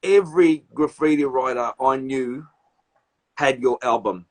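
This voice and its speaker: A man in his forties with an Australian accent, hosting a casual chat, rambling excitedly and swearing a lot. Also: mid-range voice, unhurried. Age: 40s. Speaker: show host. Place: remote video call.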